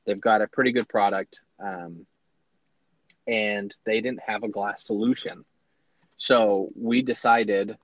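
A man, a small business owner, telling his story in casual, animated talk with lots of fillers and restarts. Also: on the low side, normal speed, no room sound. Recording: dry, slightly dull lo-fi sound.

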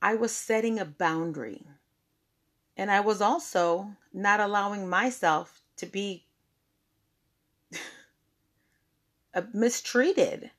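Slow-talking woman telling a story. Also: mid-range voice. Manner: chatty, expressive, says "like" often. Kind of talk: personal storytelling.

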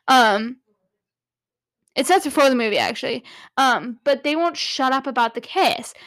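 A woman's voice: sits high, a bit bright, dry recording. A young woman vlogger casually recapping a movie with many fillers, giggling and gushing like a fan. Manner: rambling, filler-heavy, giggly; gushing, fannish.

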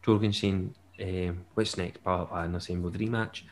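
A man's voice: low voice, steady tone, a little fast, slight background noise. A young man, chatting casually and jokily on a podcast. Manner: chatty, jokey, with bursts of laughter. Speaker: podcast co-host. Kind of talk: casual chat.

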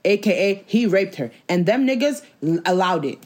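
A woman's voice: mid-range voice, moderate pace. Blunt, opinionated young woman chatting. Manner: blunt, opinionated, profane, animated. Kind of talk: casual chat.

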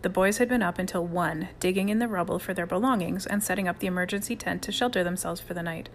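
Calm woman narrating a storybook. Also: lowish voice, fast talker, few pauses, slight background noise. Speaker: audiobook reader. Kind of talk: scripted narration.

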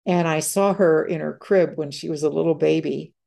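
An older woman telling a personal story as a podcast guest, halting and repeating words as she quotes others. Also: low voice, steady tone, creaky, dark tone.

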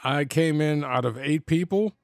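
A man's voice: on the high side, moderate pace, no room sound, clean studio sound. A man of fifty telling personal stories in a casual, rambling way, laughing often and restarting his sentences. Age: 50s. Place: home.

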